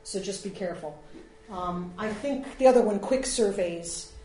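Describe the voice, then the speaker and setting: A woman with a mid-range, dark-toned voice at normal speed presents an informal workshop on free online tools to a small gathering. Her talk drifts chattily, sprinkled with fillers, and the echoey room adds slight noise.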